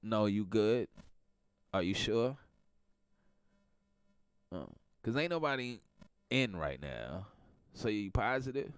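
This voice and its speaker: A man's voice: fairly low pitch, big pitch swings, takes it slowly, long pauses, clean tone, no echo. A middle-aged man with a stuffy nose from a cold, hosting a casual morning talk show in a playful, teasing way. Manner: playful, teasing, laughs a lot. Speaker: podcast host.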